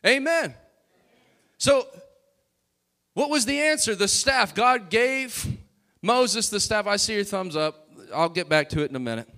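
A man preaching a sermon as pastor, calling out to the congregation and building to loud, emphatic bursts. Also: sits high, lively intonation, normal speed.

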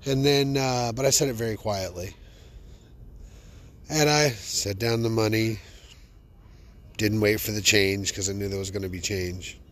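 A man hosting a podcast, telling funny personal stories in an animated, joking, self-amused way. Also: fairly low pitch, a little slow, pauses often. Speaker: podcast host. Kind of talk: comic personal storytelling.

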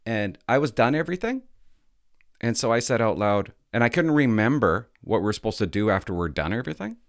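An earnest young schoolboy explains himself plainly, as his father puts on the voice. The delivery is matter-of-fact, nudged higher than an adult's, with a lively rise and fall. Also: fairly quick, dry recording, clean studio sound.

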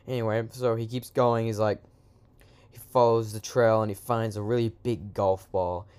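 A man's voice: on the low side, fairly even intonation, normal speed, a little mellow, clean tone. A man improvising a silly comic story in a rambling, slangy way, with lots of asides.

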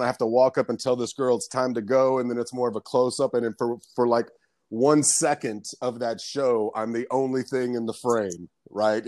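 A man's voice: medium pitch, a little mellow, no echo, clean studio sound. A man telling casual stories as a podcast guest, rambling and swearing, laughing often. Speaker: guest, comedian and background actor. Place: lives in Florida.

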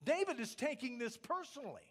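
A man's voice: very high voice, big pitch swings, a little fast, fairly bright tone. A man preaching a sermon, emphatic, asking the congregation rhetorical questions. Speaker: pastor.

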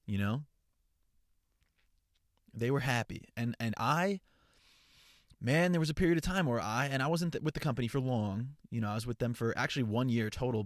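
Energetic, profane young man ranting in a car. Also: medium pitch, no room sound, studio quality. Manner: energetic, profane, rambling with frequent restarts. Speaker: podcast host and content creator. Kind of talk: casual solo podcast chat. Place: parked car.

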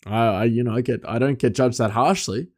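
A man's voice: mid-range voice, brisk, dry recording, clean studio sound. A man who works as a chef, telling a personal story in a casual, rambling way with lots of fillers. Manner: rambling, many fillers and restarts, laughs often.

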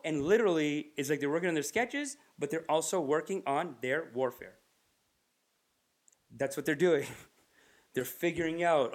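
A man's voice: on the high side, moderate pace, long pauses. A man from Canada hosting a podcast, telling rambling comedic stories and swearing freely. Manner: rambling, swearing, acting out bits. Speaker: podcast host. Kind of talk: casual comedic storytelling.

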